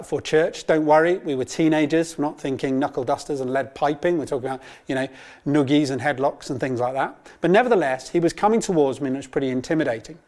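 A man in his thirties teaches a Bible course in a sermon-like talk. His voice sits somewhat high for a man, and he tells personal anecdotes in an earnest, storytelling way. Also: a little mellow.

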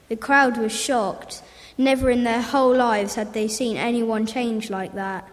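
A woman's voice: on the high side, a little slow. Woman reading a children's story. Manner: lively, repetitive storybook phrasing. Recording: roomy hall reverb.

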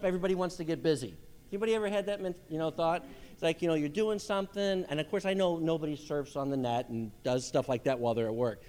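Animated preaching man in a reverberant hall. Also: a little high. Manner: animated preaching, acts out quoted voices. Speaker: pastor. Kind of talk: sermon.

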